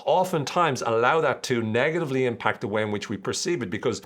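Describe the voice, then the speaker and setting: A man's voice: medium pitch, expressive, fast talker, fairly bright tone. A man hosting a podcast, explaining ideas in a casual, chatty and jokey way. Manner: chatty, jokey, acts out quoted voices. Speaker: podcast host.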